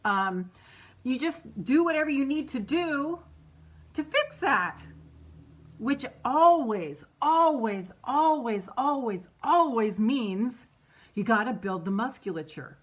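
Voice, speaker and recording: A woman's voice: mid-range voice, lively intonation, slow, fairly bright tone. A middle-aged woman hosting a casual live stream, candid and rambling, who laughs often and swears freely. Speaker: meditation host on a live stream.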